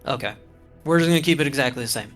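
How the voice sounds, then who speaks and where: A man's voice: fairly high pitch, very fast, fairly bright tone, faint music behind. A man running a tabletop game as game master, thinking aloud about the rules with hesitant restarts.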